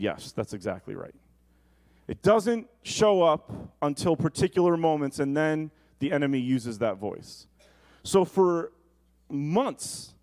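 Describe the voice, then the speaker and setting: Guy preaching in church, kinda high voice, earnest and personal, slows way down to hit a point. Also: a little mellow. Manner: earnest and personal, shifting between slow emphasis and quick asides. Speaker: pastor. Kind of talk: sermon. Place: church sanctuary.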